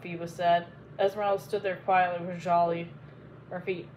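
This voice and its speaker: A woman host reading a classic novel aloud chapter by chapter, in an expressive storybook style. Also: on the low side, moderate pace, a little hiss or hum, low-quality recording.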